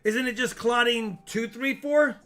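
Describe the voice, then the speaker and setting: A man hosting a live coin auction stream, chatty and excitable, joking as he shows coins. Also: extremely high pitch, a little slow, faint music behind. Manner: chatty, excitable, jokes while showing coins. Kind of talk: casual live auction chat.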